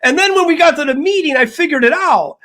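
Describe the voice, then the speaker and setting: An older man co-hosting a casual sports talk show, telling an animated story and acting out the dialogue. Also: very high-pitched, fast. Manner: animated, acts out quoted dialogue. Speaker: co-host.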